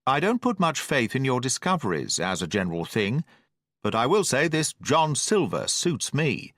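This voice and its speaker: A man reading the lines of a calm, level-headed gentleman doctor who asks probing questions, in an audiobook. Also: mid-range voice, normal speed, no echo, studio quality.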